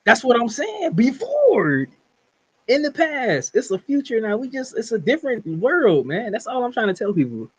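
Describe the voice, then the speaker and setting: This podcast co-host has a very high, breathy-edged voice with huge pitch swings and a moderate pace. In casual wrestling chat, he pushes his views hard in slang, laughing often, and the recording sounds dull and lo-fi.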